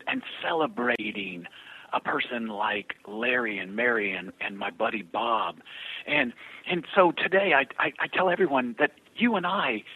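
A man's voice: mid-range voice, creaky, slightly rough, phone-quality sound. A male guest telling a story with energy, acting out the voices of the people in it before turning to an uplifting message. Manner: acts out quoted voices, builds to uplifting message. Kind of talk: animated storytelling.

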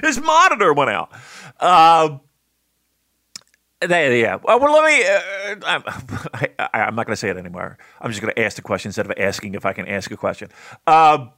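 A man with a bright voice and a lively, swooping pitch co-hosts a casual chat podcast. He rambles and restarts his thoughts, gets excitable, and swears freely as he goes. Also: moderate pace, dry recording, studio quality. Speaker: podcast co-host. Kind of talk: casual wrestling review chat.

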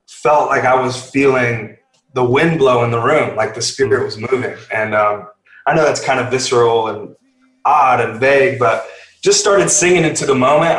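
A man's voice: mid-range voice, a bit bright. Earnest rambling man in echoey room. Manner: earnest, rambling with many fillers. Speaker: worship band member. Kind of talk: casual podcast interview.

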